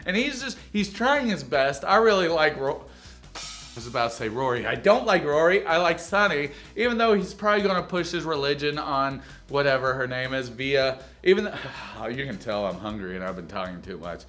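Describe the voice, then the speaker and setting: A man hosting a comedic reality TV recap, talking in an animated, crude, joking way. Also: medium pitch, brisk, faint music behind. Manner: animated, crude jokes, mocking impressions.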